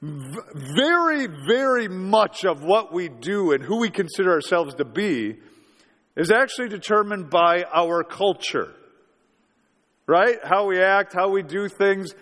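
High-voiced male preacher in an echoing hall. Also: lively intonation, measured pace, fairly bright tone. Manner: storytelling, conversational with rhetorical questions. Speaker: pastor. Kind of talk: sermon. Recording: reverberant hall.

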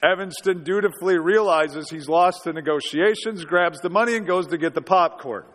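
A man's voice: high-pitched, moderate pace, fairly bright tone. A man in his forties preaching a sermon, telling a story in a conversational way and asking rhetorical questions. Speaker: pastor. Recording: reverberant hall.

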